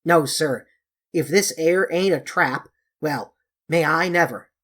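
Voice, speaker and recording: A woman voicing a gruff, stubborn male manservant who speaks in a country dialect and drops his g's. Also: low voice, slow, a bit bright, full character voice.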